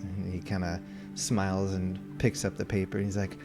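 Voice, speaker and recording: A man running a tabletop game as game master, narrating in a relaxed way with many fillers, music behind. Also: low voice, normal speed.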